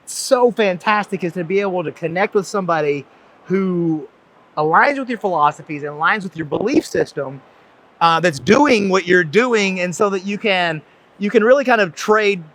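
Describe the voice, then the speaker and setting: A man with a fairly high voice and a light, toned-down Southern accent hosts a podcast. He rambles with enthusiasm, circling back on his words as he sets up his guest. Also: lively intonation, moderate pace, fairly bright tone. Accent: Southern US, softened. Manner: rambling, many fillers and restarts, enthusiastic. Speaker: podcast host, chiropractor. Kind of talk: casual conversation, introducing a guest.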